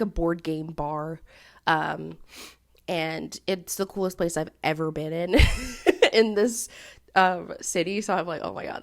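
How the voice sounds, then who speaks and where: Gravelly chatty young woman. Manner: chatty, filler-heavy, laughs often, jumps into high playful bits. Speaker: podcast host. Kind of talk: casual solo chat.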